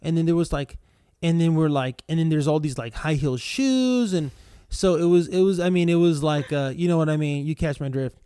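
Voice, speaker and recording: A man chatting loosely as a podcast co-host, his voice sitting a bit high for a man. He rambles through stories full of fillers and breaks into laughter often. The sound is close and dry, with almost no room around it. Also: normal speed, mellow, clean tone, no room sound. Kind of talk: casual chat.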